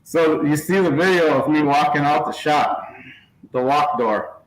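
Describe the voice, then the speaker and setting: A man's voice: a little high, measured pace. A man chatting casually on a video call from his small workshop office, telling a long story, stopping to laugh and putting on voices. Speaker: channel host. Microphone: laptop. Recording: echoey room.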